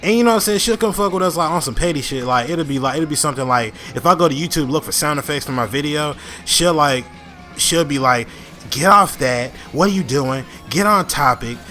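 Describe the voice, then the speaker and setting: Bright-voiced young man telling a story. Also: a little high, fast talker. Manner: laid-back, slangy, full of fillers and restarts. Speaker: storytime vlogger. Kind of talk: casual storytelling.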